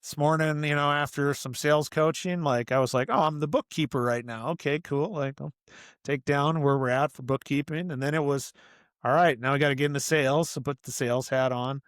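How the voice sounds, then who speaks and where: A middle-aged man speaks as a podcast guest in an earnest, meandering way, filling his thoughts with "you know" and "like." His voice is smooth and resonant. The recording is dry and close, with no room echo. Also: on the high side, fairly even intonation, a little fast. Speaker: podcast guest, author and coach. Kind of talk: casual interview conversation.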